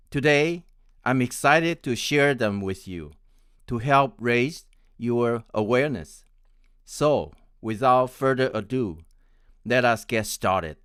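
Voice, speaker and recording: A man in his sixties from Taiwan, an English pronunciation coach, teaching in a deliberate way and spelling words out letter by letter. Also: mid-range voice, smooth, no room sound, clean studio sound. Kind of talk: scripted teaching.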